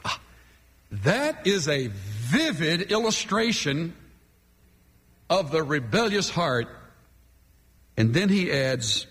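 A man's voice: on the high side, sing-song, takes it slowly, pauses often, a bit bright, breathy edge. A man preaching a sermon from the pulpit, emphatic and dramatic, leaning hard on key words. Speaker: pastor. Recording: long hall reverb.

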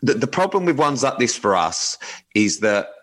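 A man's voice: mid-range voice, big pitch swings, moderate pace, fairly bright tone. A man co-hosting a podcast, chatting casually with rambling, sweary, jokey banter. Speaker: podcast co-host.

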